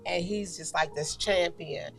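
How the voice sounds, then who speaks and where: A woman with a fairly low voice gives a relaxed devotional talk on a talk show. She speaks in a chatty way, with many "you know"s and "like"s, and faint music plays underneath. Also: a little slow, gravelly. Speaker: co-host giving a faith segment.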